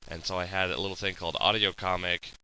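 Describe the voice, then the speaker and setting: A man's voice: low voice, level tone, quick pace, bright, forceful tone, slight background noise, rough recording. A man hosting a casual online group chat, talking loosely with jokes, stammers and restarts. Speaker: podcast host.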